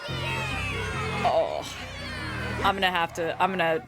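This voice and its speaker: A woman hosting a casual reaction video, gushing excitedly and swearing freely. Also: fairly low pitch, unhurried, loud music behind the voice.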